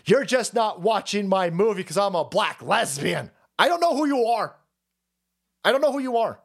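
A man's voice: high-pitched, big pitch swings, moderate pace, vocal fry, heavily acted. A man voicing a mocking impression of an indignant woman film director, sneering and defensive. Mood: scornful. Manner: sneering mockery.

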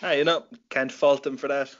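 A man's voice: medium pitch, steady tone, a little fast, fairly bright tone. Man, casual chat, laid-back, swears a lot, slightly dull lo-fi sound.

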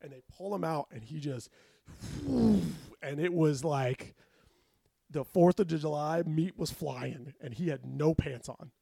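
A man's voice: a little high, slow pace, gravelly, slightly rough, no echo, studio quality. A man telling a long story in casual chat, acting out the people he quotes. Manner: animated, acts out quotes with raised voice. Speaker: podcast guest telling a story.

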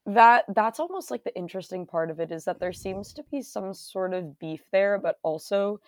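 A woman's voice: mid-range voice, moderate pace, no room sound, studio quality. A woman co-host in a casual chat, giggly and rambling with lots of fillers. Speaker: podcast co-host.

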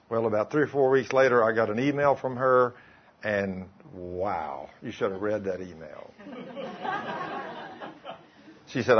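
A husky, lowish voice comes from a male preacher giving a sermon built on told stories. He quotes both sides of conversations, retelling them line by line, in dull-sounding audio.

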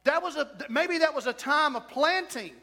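A man preaching a sermon as pastor, with shouted whoops and emphatic repetition. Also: very high-pitched, animated, normal speed. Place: church sanctuary. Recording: church hall reverb.

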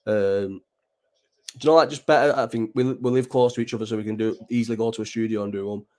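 A man's voice: fairly low pitch, steady tone, fast talker, dark tone. A young man from England hosting a late-night livestream, chatting in a loose, sweary, rambling way with many restarts. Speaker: livestream host. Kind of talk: casual chat.

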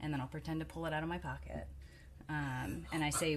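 A woman's voice: low-pitched, fairly even intonation, fairly quick, a little hiss or hum. A young adult woman co-hosting a casual parenting talk, chatty and hedging as she shares what works with her daughter. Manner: chatty, hedging, many fillers and laughs. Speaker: podcast co-host.

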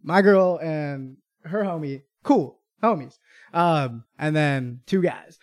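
Male podcast co-host, high voice, casual storytelling, acts out the people in his stories. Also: slow pace. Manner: animated storyteller, acts out quotes.

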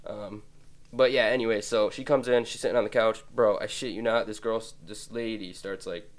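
A man's voice: lowish voice, steady tone, normal speed. A man in his twenties hosting a podcast, telling rambling, profane comic stories and laughing along the way. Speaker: podcast host.

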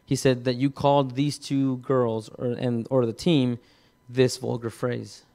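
A man preaching, telling a personal story in a halting way, with many repeated words and restarts. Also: mid-range voice, flat delivery, gravelly, mellow. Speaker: pastor. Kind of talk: sermon testimony.

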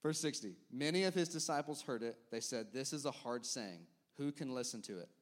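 A man preaching a sermon as pastor, talking straight to the congregation and acting out the crowd's reactions. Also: medium pitch. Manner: animated preaching, quick asides to the congregation, acts out crowd reactions.

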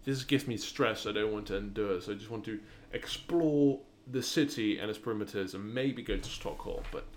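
Young man, British-leaning accent, low voice, rambling solo podcast, many restarts. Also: moderate pace, hardly any pauses, slight background noise. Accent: British-leaning English, non-native. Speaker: podcast host.

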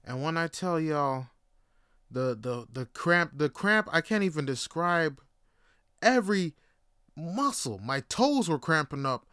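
A man's voice: on the high side, sing-song, measured pace, pushed and bright, clean tone, no echo, studio quality. A man hosting a podcast, telling stories casually and animatedly, swearing freely and repeating words as he goes. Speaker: podcast host. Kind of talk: casual storytelling.

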